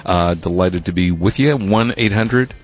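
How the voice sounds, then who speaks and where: A man's voice: sits low, measured pace, faint music behind. A man co-hosting a tech radio talk show, genial and rambling, often correcting himself mid-sentence. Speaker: co-host. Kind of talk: casual radio chat. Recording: dry, slightly dull studio mic.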